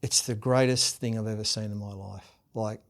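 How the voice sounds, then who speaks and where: A middle-aged man with an Australian accent, a guest in a podcast interview, telling lively stories and loudly acting out the voices of people he quotes. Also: lowish voice, moderate pace. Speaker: guest, former rugby league captain and coach. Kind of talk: animated storytelling in a podcast interview.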